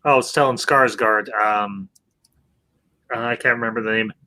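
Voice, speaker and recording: A man's voice: lowish voice, steady tone, normal speed, bright, forceful tone. A man hosting a casual movie review chat, emphatic and restarting his words often. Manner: emphatic, keeps saying "I'll say this"; frequent word restarts. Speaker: host.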